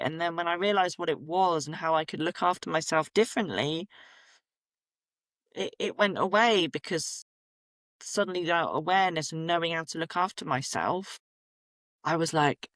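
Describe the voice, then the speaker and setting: A woman, a podcast guest telling her own story candidly, lively and acting out what people said to her. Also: on the low side, normal speed, dry recording, studio quality. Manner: animated, acts out quoted voices, laughs at herself. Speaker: podcast guest, menstrual cycle coach.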